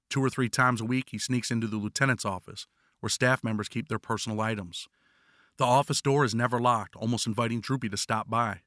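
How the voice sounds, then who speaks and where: A man's voice: medium pitch, a bit bright, no room sound, studio quality. A man narrating his own prison memoir as an audiobook, blunt and wry.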